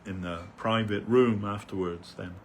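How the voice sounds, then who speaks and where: A man's voice: lowish voice, fairly even intonation, moderate pace, a little hiss or hum. An older man giving a rambling, anecdotal remembrance talk as a devotee speaker at a temple festival, with many fillers, restarts and chuckles.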